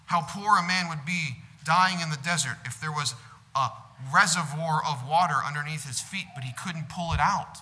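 A male pastor preaching a sermon, earnest, growing loud on some phrases and dropping soft on others. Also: on the high side, moderate pace. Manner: earnest preaching, swells louder on God's love and drops soft on comfort. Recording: echoing hall.

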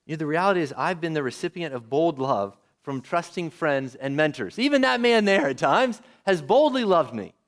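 A male preacher delivering a sermon with a lively, animated voice that swings up and down. He is fairly high-pitched for a man and keeps turning to his listeners with questions. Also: normal speed, few pauses. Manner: lively, asks the audience questions.

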